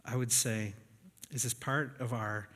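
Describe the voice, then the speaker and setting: A man's voice: medium pitch, steady tone, a little slow, fairly bright tone. A man preaching a sermon from Canada, talking in a conversational, self-deprecating storytelling way with easy laughs. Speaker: pastor. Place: church sanctuary. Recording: long reverb of a church hall.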